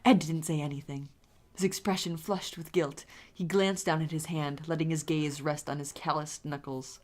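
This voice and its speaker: Brief: low-voiced woman reading fanfic aloud, giggly, cheeky asides. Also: steady tone, normal speed, a little mellow. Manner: giggly, swears casually, laughs often between lines. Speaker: fanfiction reader, co-host. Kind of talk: comedic fanfiction reading with commentary.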